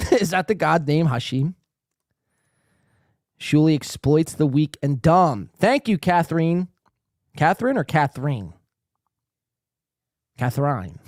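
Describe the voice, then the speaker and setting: A fast-shifting man hosts a reaction podcast, ranting and cursing at whatever he is watching. His voice sits a bit high and swings widely in pitch. The recording is dry and close. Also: no echo. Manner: profane, ranting, excitable. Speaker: podcast host. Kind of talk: casual reaction commentary.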